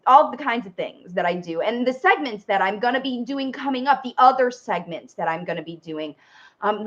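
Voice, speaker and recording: A woman's voice: a little high, highs cut off. A woman parent coach giving a chatty live-stream talk, speaking directly to viewers and walking them through steps. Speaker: parent coach and speech facilitator.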